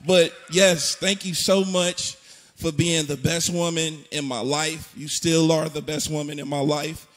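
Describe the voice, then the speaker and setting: A young man gives an excited, preacher-like tribute to his mother at a church event, repeating phrases as he builds up. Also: a little high, measured pace. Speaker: son of the honoree, musician.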